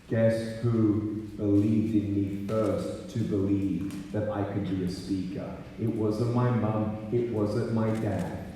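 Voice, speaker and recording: A man giving a live motivational speech to students. He tells stories in an animated way and acts out the people he quotes. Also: fairly low pitch, slight background noise. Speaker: motivational speaker. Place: high school gymnasium. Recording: echoey gym, heard from far off.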